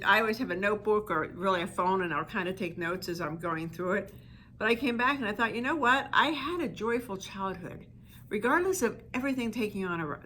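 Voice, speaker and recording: A woman with a bright, clear voice, speaking to listeners about inner child healing. She talks in a loose, reflective way, often sliding in "you know" asides. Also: fairly high pitch, a little hiss or hum.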